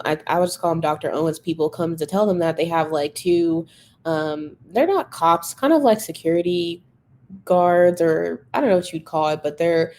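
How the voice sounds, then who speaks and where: A woman's voice: sits low, a little mellow. A woman hosting a podcast, chatting casually and animatedly about a TV episode, full of fillers and acted-out reactions. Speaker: podcast host. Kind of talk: casual solo podcast recap.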